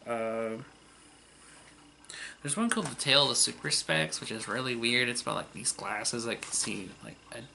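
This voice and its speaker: Bright-voiced man retelling an old show. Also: mid-range voice, normal speed, vocal fry, a little hiss or hum. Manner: rambling, lots of fillers and laughter. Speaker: vlogger. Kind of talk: casual retelling of a TV series.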